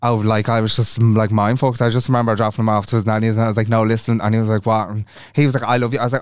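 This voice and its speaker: A man's voice: mid-range voice, flat delivery, racing, few pauses, smooth, no echo, clean studio sound. A young man co-hosting a podcast in casual chat, telling stories loosely, acting out quoted dialogue and swearing freely. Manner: chatty storyteller who acts out quoted dialogue and swears freely. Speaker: podcast co-host.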